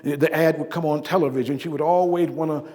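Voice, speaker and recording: A male actor portraying a dignified civil rights preacher, higher-pitched man, stately storytelling, sudden loud swells and soft drops, live stage monologue, long hall reverb. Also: fairly even intonation, lightly acted. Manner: measured oratory with emphatic swells and hushed drops. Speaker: living-history performer. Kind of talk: first-person living-history monologue. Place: stage performance.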